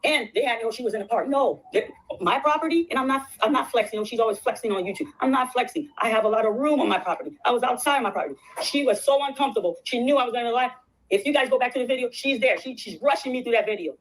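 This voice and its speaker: A woman telling her side of a settlement story, rushing excitedly and repeating phrases. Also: on the high side, poor audio. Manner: rapid and excitable, repeats herself. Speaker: guest recounting a legal settlement. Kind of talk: casual storytelling on a stream.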